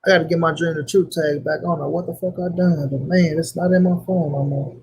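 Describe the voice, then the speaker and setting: A man's voice: on the high side, steady tone, a little fast, gravelly, darkish tone, slightly rough. A young man hosting a casual livestream, talking loosely in slang and greeting viewers by name. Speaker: livestream host.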